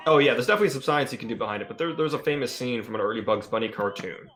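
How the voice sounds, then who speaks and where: A man's voice: mid-range voice, lively intonation, rapid-fire, fairly bright tone, faint music behind. A man chatting casually with friends, explaining things with eager enthusiasm. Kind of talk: casual chat among friends.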